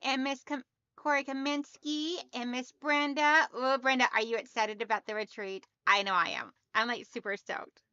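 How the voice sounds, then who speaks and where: A woman's voice: on the high side, steady tone, moderate pace, bright, forceful tone, clean tone, no echo, highs cut off. A woman hosting a sewing livestream, chatting casually and greeting her viewers one by one by name.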